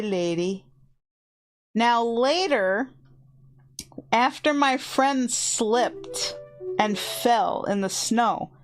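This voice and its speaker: A woman streamer from her home computer setup, casually and excitedly telling ghost stories to her chat in a rambling way. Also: fairly high pitch. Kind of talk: casual storytelling to a live chat. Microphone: desk mic with headphones on.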